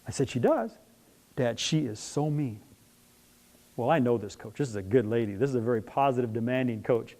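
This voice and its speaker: A middle-aged man giving a talk to an audience, telling stories and acting out scenes as he goes. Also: mid-range voice. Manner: animated storyteller who acts out scenes. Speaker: speaker on parenting young athletes.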